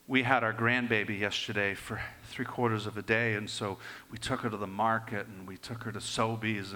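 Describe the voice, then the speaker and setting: An older man preaching a sermon and telling personal stories, swinging between raised and hushed delivery. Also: on the low side.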